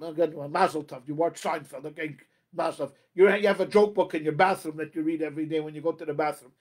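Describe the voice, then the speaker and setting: A high-pitched man speaks as a rabbi giving a motivational talk on marriage. He talks emphatically and repeats his phrases. He often turns to the audience with "ladies and gentlemen.". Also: quick pace.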